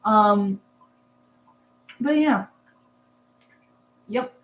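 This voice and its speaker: A woman's voice: mid-range voice, drawn-out words, reverberant, highs cut off. A young woman hosting a casual livestream, chatting and answering comments in a rambling, filler-heavy way. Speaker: livestream host, rabbit breeder. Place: dark barn at night.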